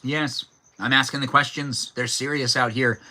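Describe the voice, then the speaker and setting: A man hosts a live stream from outdoors, reading out viewer comments and teasing them by name. His voice is bright and forceful, with a loose, playful manner, and crickets chirp faintly behind him. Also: mid-range voice, steady tone, moderate pace. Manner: playful, jokey, talks to chat by name, barks and giggles on request. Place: outdoors, cold evening.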